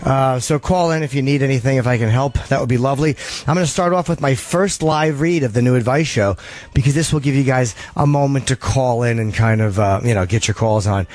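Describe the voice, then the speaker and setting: A man's voice: mid-range voice, brisk, darkish tone. A man hosting a call-in radio show, chatting loosely with callers and reading ad copy in between. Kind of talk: casual call-in talk show. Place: studio.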